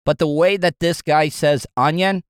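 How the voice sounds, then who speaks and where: A man hosting a podcast in a casual, rambling, excitable way, with frequent swearing. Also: fairly high pitch, moderate pace, clear, resonant tone, dry recording, studio quality. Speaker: podcast host.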